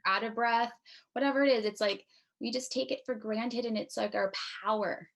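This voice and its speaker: A woman hosting a podcast interview, speaking in a relaxed, affirming way. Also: fairly high pitch, moderate pace, vocal fry. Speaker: podcast host. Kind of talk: conversational interview.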